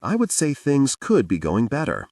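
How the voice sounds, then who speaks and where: A man's voice: medium pitch, wildly swooping pitch, normal speed, a little mellow, no room sound, studio quality, distant mic, pitched above the performer's own voice. A man voicing a worried, weary male agency director in an audiobook.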